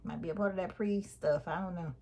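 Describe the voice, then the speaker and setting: A woman's voice: on the low side, fairly even intonation, fast, creaky, darkish tone. A woman, chatting to her viewers in a casual unboxing vlog, exasperated and talkative. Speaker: vlogger.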